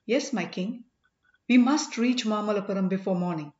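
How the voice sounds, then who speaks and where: A woman's voice: mid-range voice, normal speed, darkish tone, lightly acted. A woman voicing a loyal male servant who answers with deferential respect, in a roomy, dull recording. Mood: dutiful.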